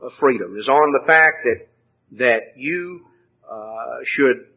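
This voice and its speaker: A man's voice: animated, slow, vocal fry, narrow, tinny audio. A man preaching a sermon, reasoning earnestly with frequent hesitations and restarts, lifting his voice when he quotes scripture. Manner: rises in pitch and volume when quoting scripture.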